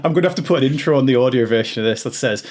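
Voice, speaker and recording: A man's voice: medium pitch, very fast, a crowd in the background. A man with a Liverpool accent hosting an interview podcast, asking easygoing questions. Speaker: podcast host.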